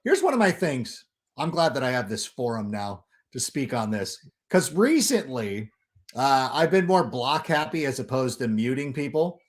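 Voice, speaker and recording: Animated ranting man, lively pitch. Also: moderate pace. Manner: animated, sarcastic ranting with loud mock quotes. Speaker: guest. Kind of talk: casual chat on a livestream.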